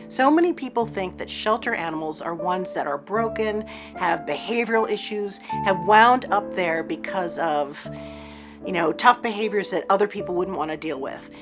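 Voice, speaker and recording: Woman, rescue director, mid-pitch, informative interview over background music. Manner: steady, informative. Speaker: executive director of an animal rescue. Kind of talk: documentary interview.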